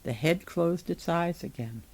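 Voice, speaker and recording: A woman reading a novel chapter aloud in an even, measured storytelling manner. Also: on the low side, rough recording.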